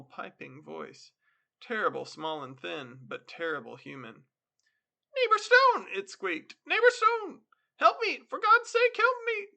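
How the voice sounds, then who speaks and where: A man hosting a podcast, reading a classic story aloud in a steady storytelling manner. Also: fairly high pitch, gravelly. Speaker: podcast host and story reader. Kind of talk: literary reading.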